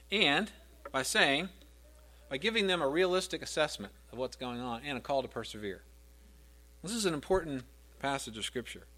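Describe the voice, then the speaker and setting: A middle-aged man preaches a sermon as a pastor, his pitch sitting in the middle range. He speaks emphatically, and on repeated scripture lines his voice swells louder and higher, then comes back down.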